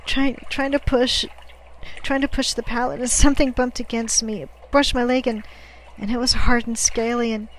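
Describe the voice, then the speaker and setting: A woman's voice: medium pitch, steady tone, a little slow, natural voice, rough recording. A woman voicing a frightened young boy who stammers breathlessly in a storybook reading. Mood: panicky.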